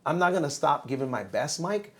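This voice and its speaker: A man in his thirties, a podcast guest, telling his own story in casual, animated talk and calling the host bro. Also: on the high side, a little fast. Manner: animated, says bro a lot.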